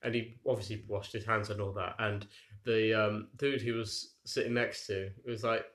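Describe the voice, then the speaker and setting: A man's voice: lowish voice, little pitch movement, moderate pace, a bit bright. A young man co-hosting a podcast, telling long rambling stories in casual chat and laughing at his own tangents. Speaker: podcast co-host. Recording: roomy echo.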